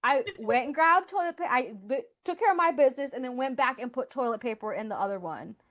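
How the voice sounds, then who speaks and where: This podcast host talks fast in a high-pitched, animated, fairly bright voice. Chatting casually, she shares candid stories full of "like" fillers.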